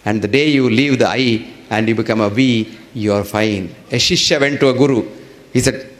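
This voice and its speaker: A man's voice: medium pitch, normal speed. A man giving a public talk, a wry storyteller who mixes jokes with reflective asides. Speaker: guest speaker. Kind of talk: public lecture with humorous anecdotes.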